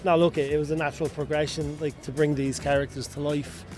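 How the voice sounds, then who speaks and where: An Irish man with a fairly high voice rambles chattily, filling his talk with "like" and "kind of". Faint music plays behind him on the trade show floor. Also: little pitch movement, fast, darkish tone. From Ireland. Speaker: entertainment lead for a toy brand. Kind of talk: casual trade-show interview.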